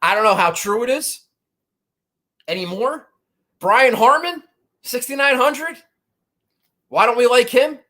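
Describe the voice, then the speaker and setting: A man with a notably high-pitched voice runs through his golf betting picks in loose, rambling chat. He swears freely and mocks himself as he goes. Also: unhurried, long pauses, pushed and bright. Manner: profane, rambling, self-mocking. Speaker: golf betting podcast host. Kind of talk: casual chat.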